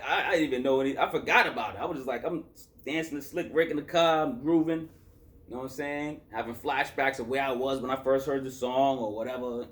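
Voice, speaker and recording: A man from Boston reviewing a hip-hop album in loose, rambling casual chat, tired after a work shift and full of fillers and self-corrections. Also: mid-range voice.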